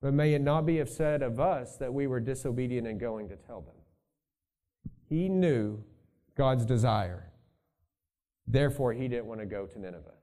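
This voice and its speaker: A man's voice: medium pitch, normal speed, long pauses, dark tone. A male pastor preaching a sermon in a conversational way, thinking aloud and adding asides to his congregation.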